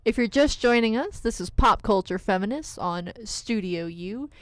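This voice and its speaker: Woman co-host for casual radio chat, smooth clear voice, dry close mic, keeps things on track. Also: medium pitch, lively intonation, moderate pace, dry recording. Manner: chatty, steering the talk back on track.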